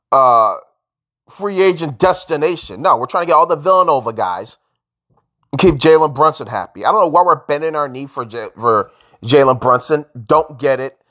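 A frustrated sports fan vlogger rants casually, swinging between loud outbursts and low mutters.

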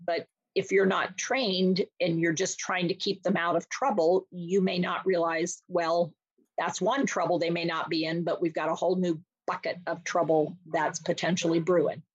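A woman discusses dementia care on a podcast interview, bringing it to life by performing small scenes with different voices. She has a fairly low, slightly rough voice, heard in dull audio with no echo.

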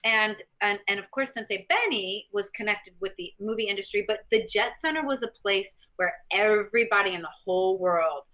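A middle-aged woman from the US Midwest, a guest telling animated stories in an interview and acting out other people's lines. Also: mid-range voice, normal speed, few pauses. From Missouri, US Midwest. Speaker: guest, former champion fighter and stuntwoman. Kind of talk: interview storytelling.

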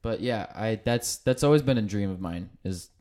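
A man's voice: fairly low pitch, moderate pace, mellow. A young man hosting a casual podcast chat, rambling and swearing with many restarts. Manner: rambling, profane, frequent restarts. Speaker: podcast host.

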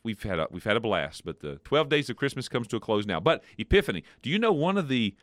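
A man hosting a podcast in casual chat, asking questions in a playful, animated way from a studio. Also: mid-range voice, fast, dry recording. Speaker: podcast host.

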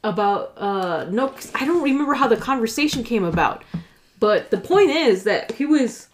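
A woman with a fairly high voice at normal speed co-hosts a casual podcast chat. She tells an animated story, acting out what people said, restarting often and swearing.

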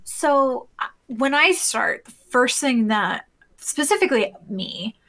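A woman's voice: sits high, expressive, takes it slowly, a bit bright. A woman co-hosting a podcast, chatting casually and explaining things step by step. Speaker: podcast co-host. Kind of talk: casual podcast chat about roleplay.

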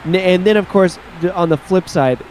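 A man's voice: high voice, moderate pace, darkish tone, slight background noise, rough recording. A man co-hosting a podcast, chatting casually about tabletop games and thinking aloud with restarts. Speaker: podcast co-host.

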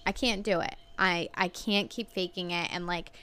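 Uma mulher, coapresentadora de podcast, conversando de forma casual e contando histórias com imitações expressivas. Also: female voice, normal speed, clear, resonant tone. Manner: expressive storyteller, mimics people in big pitch jumps. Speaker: podcast co-host. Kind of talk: casual chat.

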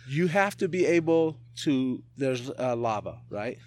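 A man guest on a podcast, talking in a casual chat, telling animated stories with laughs and casual swearing. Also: medium pitch, measured pace. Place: indoors, casual setting with a beer.

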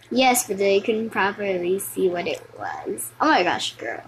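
A woman giving lively, exclamatory commentary over her gameplay, often repeating words in a sing-song way. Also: medium pitch, slow, background noise. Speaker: gaming video host.

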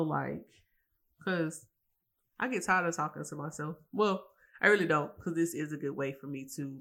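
In a casual solo podcast rant, a woman host sounds tired and emotional as she rambles, curses, and keeps starting over. She has a low-pitched voice with a fairly bright tone.

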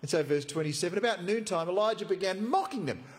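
A man's voice: high-pitched, expressive, quick pace. A man preaching a sermon, retelling a Bible story with playful, conversational asides.

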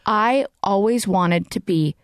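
A woman's voice: medium pitch, slow pace, clean tone, no room sound, studio quality. A woman hosting a podcast, chatty and gushing, with lots of fillers and laughter as she interviews her guest. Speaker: podcast host. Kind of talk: casual interview chat.

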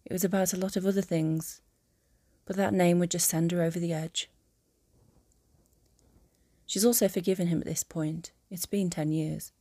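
A woman narrating a fan audiobook in a calm, even storytelling manner. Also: on the low side, moderate pace, pauses often, no echo.

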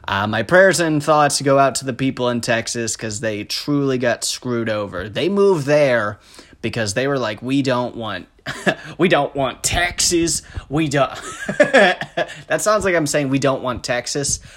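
Young Midwestern male podcaster, unhurried, profane, self-deprecating. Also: medium pitch, expressive, fairly bright tone. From American Midwest. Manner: rambling, self-deprecating, profane, with frequent laughs and fillers. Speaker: podcast host. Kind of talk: casual solo podcast monologue.

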